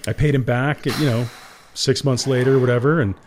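Speaking at normal speed with a medium-pitched, darkish voice and fairly even intonation, this guest entrepreneur emotionally tells an interviewer about a rough business moment. He tears up, laughs a lot, and addresses the host as "guy"; slight background noise is audible.

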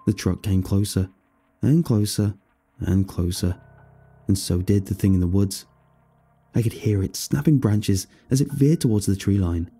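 A man narrating a first-person horror story in a steady storytelling manner. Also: lowish voice, normal speed, husky, soft background music.

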